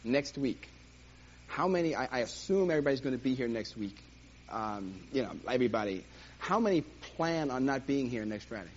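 A man teaching a church class in a lively, jokey way, acting out little scenes, on a dull lo-fi recording with faint hiss. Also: mid-range voice, moderate pace.

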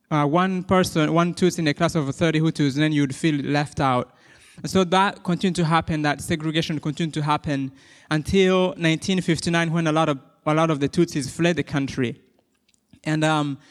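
A young man from Rwanda with a Rwandan accent, giving a personal testimony to an audience in a halting, friendly way with many fillers and restarts. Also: on the high side. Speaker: guest speaker. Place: large hall with an audience. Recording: long hall reverb.

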